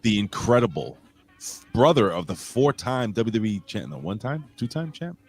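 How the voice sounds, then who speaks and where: A man's voice: on the low side, very animated, normal speed. A man hosting a casual wrestling podcast, joking around and calling out names from the live chat. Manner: shouts out chat commenters, jokey, swings loud and quiet. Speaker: podcast host.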